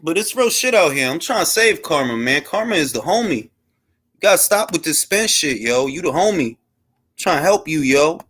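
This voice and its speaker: A man's voice: on the high side, big pitch swings, normal speed, a bit bright, breathy edge. A man hosting a live boxing talk stream, brash and full of slang and trash talk. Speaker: boxing talk show host. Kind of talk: casual live-stream chat.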